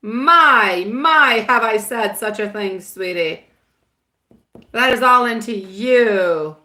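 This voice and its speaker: A woman hosting a live tarot stream, chatting warmly with viewers and mixing in Italian words and pet names. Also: medium pitch, animated, slow pace. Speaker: tarot reader.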